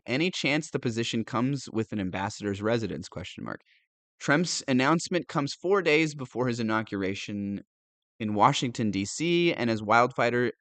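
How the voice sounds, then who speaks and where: A man who reads news aloud and adds sarcastic, animated commentary, laughing often. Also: mid-range voice, no echo. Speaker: political commentator.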